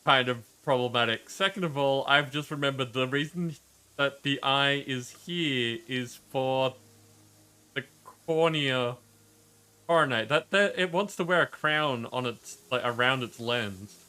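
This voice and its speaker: A man's voice: medium pitch, unhurried, pushed and bright, clean tone. A male streamer chatting casually over gameplay, joking and greeting viewers in chat by name.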